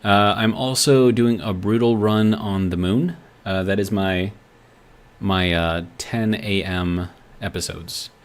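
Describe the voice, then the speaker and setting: Low-voiced man streaming a game. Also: fairly even intonation, takes it slowly. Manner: rambling, thinks aloud, reads chat messages. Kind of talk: live gameplay commentary.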